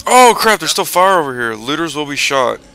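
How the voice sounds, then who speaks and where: A man's voice: fairly high pitch, big pitch swings, brisk, creaky, bright, forceful tone, poor audio. A man chatting casually while playing and recording a co-op game, teasing his friend. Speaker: gamer recording the session. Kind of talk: casual co-op gaming chat.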